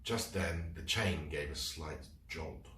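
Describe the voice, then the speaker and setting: Man, storyteller, reading a children's book aloud, slow, echoey room. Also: a bass voice, a little hiss or hum. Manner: expressive, slow read-aloud. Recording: roomy room, mic at a distance.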